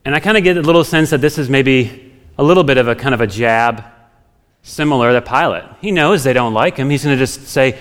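A male pastor preaching in an easy, conversational way, thinking out loud with homely examples. His mid-pitched voice rings out with a long hall reverb behind it. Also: brisk. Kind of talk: expository sermon.

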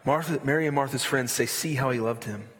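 A man preaching a sermon in a loose, animated way with slangy asides. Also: medium pitch, fast talker, in a large hall. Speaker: pastor.

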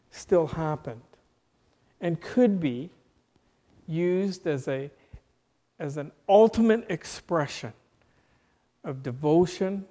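A man preaching a sermon slowly and deliberately, asking his listeners questions as he explains a Bible passage. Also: fairly high pitch, dark tone, big-room sound.

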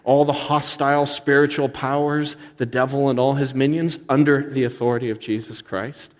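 A pastor preaching a sermon with emphatic delivery, slowing down to stress key words and climbing high in pitch when he builds a point. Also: a little mellow, in a large hall.

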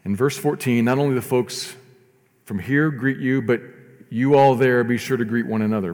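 A man preaching a sermon as pastor, earnest, rising to emphatic lines and dropping to soft, slow ones. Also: medium pitch, long reverb tail.

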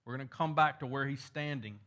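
A man's voice: medium pitch, a little fast, bright, forceful tone. A male pastor, preaching a sermon, building in emphasis on key points.

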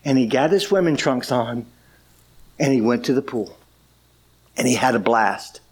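A man preaching a sermon, telling a story with lively delivery and acting out quoted lines. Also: medium pitch, a little slow, husky. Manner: animated, acts out quoted speech. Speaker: pastor.

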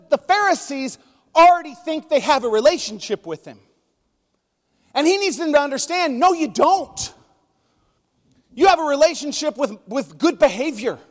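High-voiced man preaching in a reverberant hall. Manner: conversational, emotional storytelling. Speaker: pastor. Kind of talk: sermon. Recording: long reverb of a large hall.

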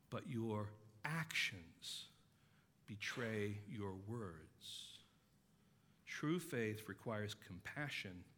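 A man preaching a sermon as pastor, earnestly stressing key words and dropping his voice low to tell stories. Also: a bit bright, long reverb tail. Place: church sanctuary.

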